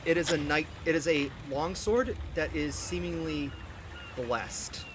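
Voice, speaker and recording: A man's voice: on the high side, unhurried, background noise. A man narrating as game master of a tabletop game, describing scenes in a descriptive, somewhat hesitant way.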